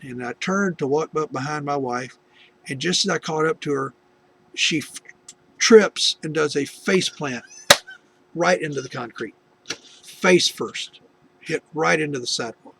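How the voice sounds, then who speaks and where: A video testimony host, a middle-aged man from the United States, shares his faith story loosely, full of restarts and digressions. His mid-range voice is gravelly and a bit bright, with slight background noise behind it.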